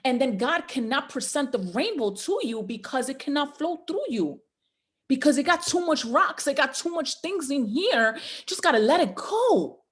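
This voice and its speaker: A woman working as a motivational trainer gives a preacher-like, exhorting talk to a group call, repeating rallying lines. Her high voice moves at a moderate pace with lively intonation.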